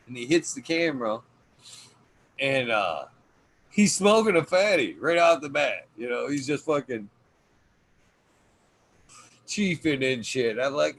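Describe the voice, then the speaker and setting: Telling a casual story on his podcast, a man with a high-ish, slightly bright voice is animated yet a little slow, leaving long pauses. His rambling tale is profane and packed with fillers.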